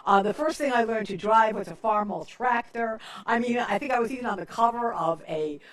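A woman's voice: on the high side, fairly quick, recorded from a distance. Emphatic older woman host, off-mic. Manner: emphatic storyteller, keeps adding "okay?". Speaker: radio talk show host. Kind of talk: casual political talk.

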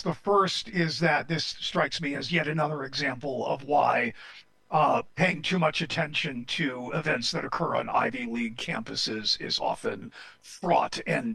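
A man speaking as a panel guest, deliberate and thoughtful with a wry edge. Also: mid-range voice, vocal fry, pushed and bright, low-quality recording. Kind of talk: panel discussion.

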